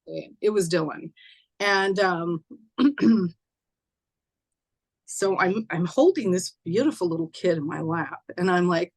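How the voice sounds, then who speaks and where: A woman telling a personal story, halting and acting out a child's voice softly. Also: mid-range voice, expressive. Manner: halting, acts out dialogue softly. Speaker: guest. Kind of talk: emotional storytelling.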